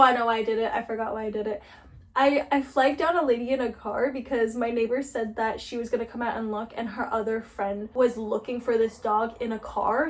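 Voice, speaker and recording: Young woman vlogger, fairly high voice, chatty storyteller who acts out quoted voices. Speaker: lifestyle vlogger. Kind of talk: casual storytelling while cleaning.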